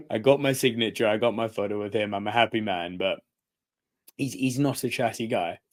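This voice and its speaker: Lively man telling a story. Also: lowish voice. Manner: animated, acts out quoted voices, laughs often. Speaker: podcast co-host. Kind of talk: casual storytelling chat.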